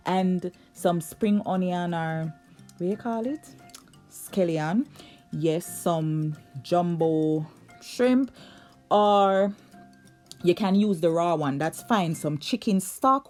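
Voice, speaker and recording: A woman's voice: fairly low pitch, takes it slowly, darkish tone, soft background music. A young woman, hosting a cooking vlog in an upbeat, chatty way and drawing out her words. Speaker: cooking channel host. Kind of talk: casual cooking vlog narration.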